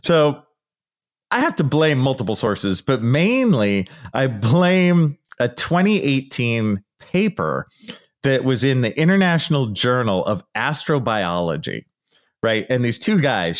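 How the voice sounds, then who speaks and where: A man hosting a solo podcast, talking in a playful, self-mocking way, now and then jumping into high mock voices. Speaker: podcast host. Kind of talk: solo comedic podcast monologue.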